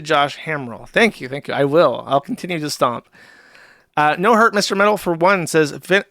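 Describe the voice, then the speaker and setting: Clean studio sound with no room tone carries this man's high-leaning, sharp voice. Hosting a laid-back livestream, he reads out donation messages sardonically and offhandedly, laughing quickly.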